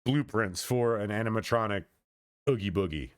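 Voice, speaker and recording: A man in his thirties talks in a loose, wandering monologue, circling back on his own sentences. His voice sits low, and the close mic sounds dry with no room around it. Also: normal speed, clean tone, no echo. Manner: meandering, with frequent restarts and trailing off. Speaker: streamer. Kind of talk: casual rambling monologue.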